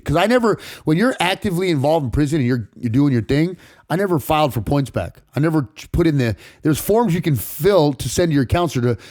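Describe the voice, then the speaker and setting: A man from California's San Fernando Valley, a podcast guest telling a personal story in rapid, profane street talk full of restarts. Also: fairly high pitch, lively intonation, darkish tone, no room sound, studio quality. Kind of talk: casual storytelling interview.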